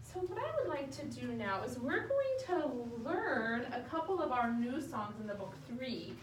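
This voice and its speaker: High-voiced woman teaching kids music. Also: big pitch swings, normal speed. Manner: encouraging, chants rhythm syllables. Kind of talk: children's music lesson. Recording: echoey room, far mic, noisy.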